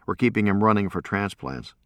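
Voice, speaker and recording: A shaken woman surgeon , voiced by a man speaks in a dull, worn-out tone. Her voice is pitched somewhat higher than the low narration around it. The recording is dry and close. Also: expressive, a little fast, fairly bright tone, dry recording. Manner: dull, subdued delivery. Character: shaken, pale female surgeon, flat and dull.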